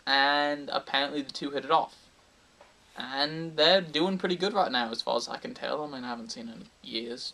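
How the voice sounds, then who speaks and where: A man telling a rambling, absurd comic story in a deadpan way, breaking now and then into sudden high outbursts. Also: gravelly, far from the mic. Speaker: comedic storyteller. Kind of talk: absurd rambling comedy monologue.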